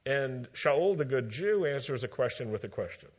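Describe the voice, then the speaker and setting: A man preaching a sermon, retelling scripture with emphatic, measured storytelling and dry asides. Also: mid-range voice, lively intonation, a little mellow, slightly rough. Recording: dull lo-fi recording.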